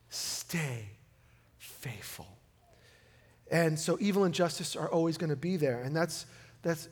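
A pastor preaching a sermon in a casual, conversational way, swinging from loud emphatic lines to hushed ones. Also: male voice, on the high side. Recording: long hall reverb with music behind.

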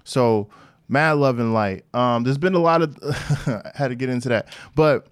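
A man talks through his own podcast, recounting what he saw in a loose, slangy manner with plenty of asides. His voice sits in a middle pitch, and the sound is dry and close with little room around it. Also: measured pace, clean tone, no room sound. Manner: animated storytelling with slang and asides. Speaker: podcast host. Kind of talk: casual monologue.

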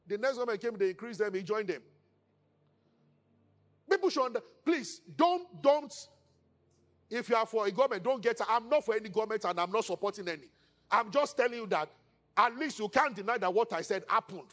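A man with a Nigerian accent preaching a sermon as pastor, animated and acting out quoted speakers in hushed tones. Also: high voice, fairly quick.

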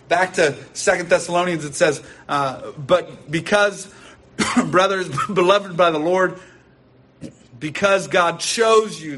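Man, pastor, sermon, earnest and emphatic, repeats phrases, slightly high voice, distant mic. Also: fairly bright tone. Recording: distant mic with faint background noise.

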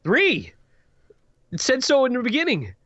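A man with a high, lively voice co-hosts a casual podcast, reading odd stories aloud and tossing in dry quips. The sound is close and dry, a little dull. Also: unhurried, breathy edge, dry recording. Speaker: podcast co-host.

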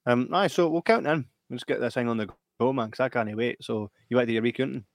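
A man's voice: mid-range voice, quick pace, dry recording. A middle-aged man with a Scottish accent, co-hosting a casual podcast chat and telling stories with plenty of laughs. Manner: chatty, laughing storyteller. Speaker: podcast co-host.

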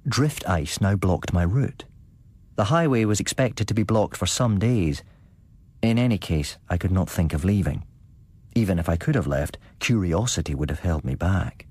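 A man giving a scripted, measured narration of a gothic tale. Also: low-pitched, expressive, a little mellow, husky, dry recording.

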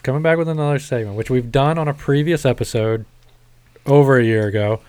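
A man's voice: mid-range voice, a little fast, a little mellow, clean tone. A man co-hosting a podcast, chatting casually, laughing and swearing a lot. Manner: laughing, profane, joking. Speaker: podcast co-host.

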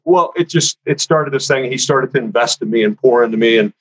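A man casually telling a story from his career, animated and conversational, acting out what other people said. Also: medium pitch, fairly quick, poor audio. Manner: animated, acts out other people's lines in a raised voice; conversational, frequent fillers like "you know" and "man".

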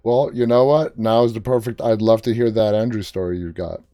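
A man's voice: on the low side, steady tone, brisk, warm tone, no room sound. A man hosting an interview, asking long, winding questions in a casual way. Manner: conversational, long winding questions, short reactions. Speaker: interviewer, host.

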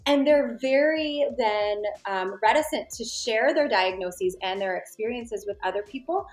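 A woman's voice: a little high, measured pace, echoey room, soft background music. A woman therapist guest in casual conversation, speaking thoughtfully and acting out phrases people say. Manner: thoughtful, acts out quoted phrases. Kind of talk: casual chat.

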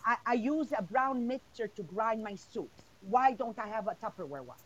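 Lively high-voiced woman. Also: normal speed, muffled recording. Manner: energetic, laughing, blunt and emphatic. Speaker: podcast host. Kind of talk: casual podcast Q&A.

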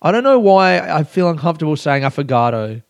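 A young man chatting through his weekend on a solo podcast, rambling and poking fun at himself with plenty of swearing. His voice sits a little high for a man, and the close mic sounds dry and close. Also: very animated, a little fast, vocal fry, no echo. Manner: rambling, self-mocking, swears often, laughs a lot. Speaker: podcast host. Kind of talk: casual solo podcast chat.

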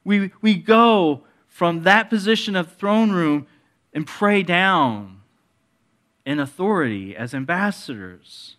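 A male pastor delivers a sermon in a bright, forceful, fairly high voice. He swings between quiet, hushed passages and rising, emphatic appeals. Now and then he tosses a joking aside to the congregation. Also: lively intonation, takes it slowly.

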